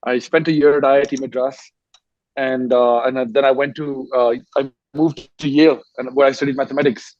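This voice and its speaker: A man's voice: medium pitch, level tone, normal speed, darkish tone, no echo, muffled recording. A man who grew up in Dubai, an author and war correspondent, telling his story on a festival panel with frequent restarts. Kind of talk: panel discussion.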